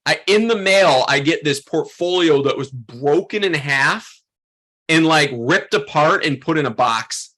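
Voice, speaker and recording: A man teaching a photography workshop, telling a story in an animated, chatty way full of "like" and "um". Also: on the high side, a little slow. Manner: animated, chatty, heavy use of "like" and "um". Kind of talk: storytelling lesson to a class.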